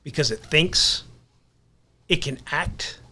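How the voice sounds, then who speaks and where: A man's voice: fairly high pitch, slow pace, pushed and bright. A man guesting on a podcast, talking earnestly in a casual conversation and repeating words as he builds a point.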